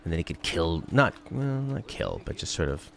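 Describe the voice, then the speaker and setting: A man's voice: low voice, sing-song, normal speed, gravelly. A young man chatting casually and jokily as he plays through a video game. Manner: chatty, rambling, jokey. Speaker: gaming channel host. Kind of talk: casual let's-play commentary.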